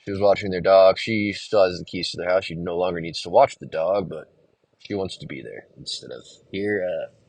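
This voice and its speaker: A man's voice: low voice, brisk, gravelly, a little mellow, slightly rough, no echo. A man hosting a solo podcast, rambling casually and venting with a lot of swearing. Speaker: podcast host and musician.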